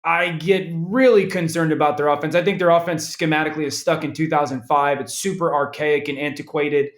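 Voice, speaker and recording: A man in his thirties, a football analyst as guest, talking in a lively casual way with frequent restarts. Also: on the high side, a little fast, reverberant. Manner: animated, restarts often. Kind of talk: casual interview talk.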